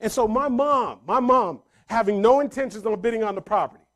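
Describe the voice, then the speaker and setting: Motivational speaker, male, high pitch, storyteller who repeats lines and swells to big loud climaxes. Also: fairly quick. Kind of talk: motivational speech to a live audience. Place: room full of people.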